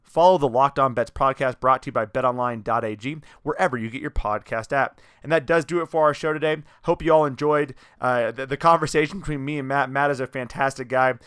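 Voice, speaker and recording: A man's voice: mid-range voice, fairly quick, few pauses, clear, resonant tone. A young man hosting a sports podcast, joking and chatting casually with a guest and reading the sign-off. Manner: energetic, self-mocking, joking banter. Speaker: podcast host.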